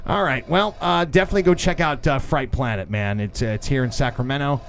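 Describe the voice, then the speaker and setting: A man in his thirties co-hosting a podcast in a studio, a lively storyteller who swears freely and acts out the voices in his stories. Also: medium pitch, brisk, a little hiss or hum. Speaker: podcast co-host. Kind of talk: casual chat.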